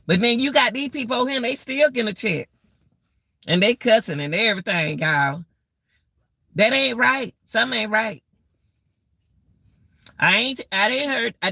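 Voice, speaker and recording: A middle-aged woman hosts a live stream and rants to her viewers in a slow, drawn-out way. Her voice is gravelly with a bright, tense edge. The sound is dry, and she keeps circling back to the same exclamations. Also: mid-range voice, no echo. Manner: exclaiming, repeats herself, addresses viewers as y'all. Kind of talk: casual live-stream rant.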